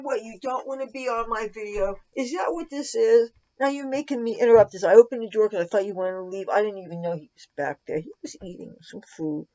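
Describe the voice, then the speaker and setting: A woman's voice: a little high, animated, fairly quick, mellow, dry recording, dull audio. A woman filming a makeup tutorial in her room at home, rambling and chatting fondly to her cat between steps. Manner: rambling, fond baby talk to her cat.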